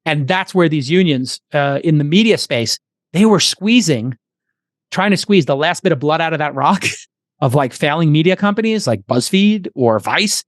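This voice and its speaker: A man's voice: a little high, normal speed, no echo, clean studio sound. A man hosting a podcast, chatting casually and jokingly, then reading an upbeat ad. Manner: animated, jokey, salesy in ad reads. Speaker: podcast host. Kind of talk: casual chat and host-read ad.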